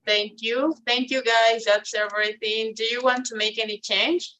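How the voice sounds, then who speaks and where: A woman teaching an English class online, talking slowly with many fillers and restarts. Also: fairly high pitch, level tone, bright, forceful tone, slight background noise, rough recording. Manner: slow, hesitant, non-native English with many fillers.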